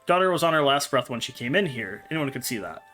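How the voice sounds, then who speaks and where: A man's voice: medium pitch, sing-song, fast talker, sharp tone, faint music behind. Guy reading a shy earnest teen girl. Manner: apologetic, then firm. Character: shy, protective teenage girl.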